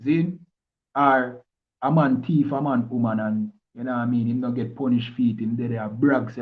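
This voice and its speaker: A man's voice: medium pitch, fairly even intonation, moderate pace. Jamaican man preaching over a tinny line. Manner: preachy, keeps asking "you understand?". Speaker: religious teacher. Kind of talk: scripture teaching talk.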